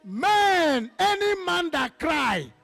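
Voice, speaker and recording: A man with a Nigerian accent preaching a sermon as pastor, calling out to the congregation and breaking into sudden shouts. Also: extremely high pitch, sing-song, drawn-out words, creaky, faint music behind.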